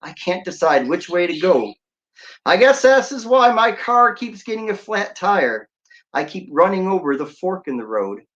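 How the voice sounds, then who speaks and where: A man's voice: high voice, big pitch swings, moderate pace, a bit bright, highs cut off. A man, a radio DJ, hosting a casual livestream, talking in a jokey, playful way. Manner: jokey, playful, breaks into sung snippets and laughs.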